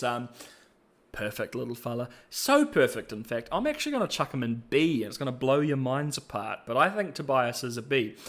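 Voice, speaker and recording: A male host chatters casually in a loose, rambling way. He laughs easily and pokes fun at himself. His voice is mid-pitched and unremarkable. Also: a bit bright. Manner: rambling, chatty, self-deprecating, laughs often. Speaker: podcast host. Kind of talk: casual commentary.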